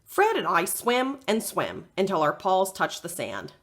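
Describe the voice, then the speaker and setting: A woman librarian reading a chapter book aloud for children, slowly and expressively. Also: medium pitch. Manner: slow, very expressive. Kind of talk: read-aloud storytime.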